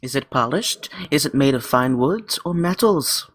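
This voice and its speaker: A man voicing a snooty, haughty wealthy gentleman with a vague foreign accent. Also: medium pitch, expressive, no echo, lightly acted. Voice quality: haughty, drawn-out. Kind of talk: improvised comedy role-play.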